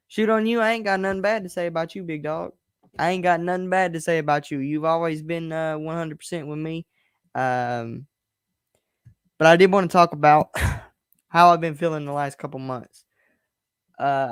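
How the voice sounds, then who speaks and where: A man's voice: fairly high pitch, clean tone, no room sound, clean studio sound. A young man hosting his own podcast stream from his bedroom, talking in a candid, rambling and frustrated way. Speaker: podcast host. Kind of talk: casual solo stream rant.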